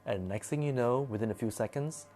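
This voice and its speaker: A man telling a spooky personal story in a casual, animated and dramatic way. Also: medium pitch, fairly quick, faint music behind.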